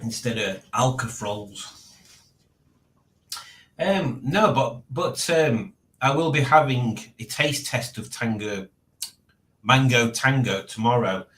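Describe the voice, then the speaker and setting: A man's voice: medium pitch, expressive, slow pace, pauses often, a bit bright, slight background noise. A man hosting a casual livestream, rambling and chuckling to himself as he reads out chat messages. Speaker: livestream host. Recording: echoey room.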